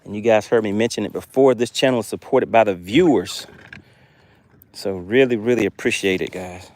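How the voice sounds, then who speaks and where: A man's voice: fairly low pitch, moderate pace, darkish tone. A man hosting a fishing live stream from a boat outdoors, chatting and thanking his viewers.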